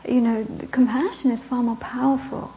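A woman Buddhist teacher telling a story in a Dharma talk, animated and sometimes dropping to soft whispers for emphasis. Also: fairly high pitch, moderate pace, highs cut off, slight background noise.

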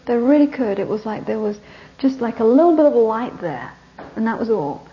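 A woman Buddhist teacher telling a story in a Dharma talk, animated and sometimes dropping to soft whispers for emphasis. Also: fairly high pitch, normal speed, dull audio.

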